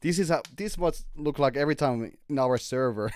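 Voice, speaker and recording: A man hosting a casual livestream, talking haltingly and laughing often. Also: mid-range voice, clean tone, no echo. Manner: giggly, slow and halting. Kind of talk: casual chat.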